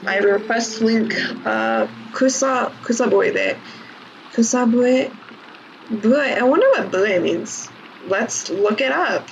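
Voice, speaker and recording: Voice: mid-range voice, animated, takes it slowly, vocal fry, slight background noise, poor audio. A vlogger casually explaining language points while playing a game, rambling and correcting themself often. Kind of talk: casual commentary with language teaching. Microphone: desk mic while playing, no camera. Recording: game music loud under voice.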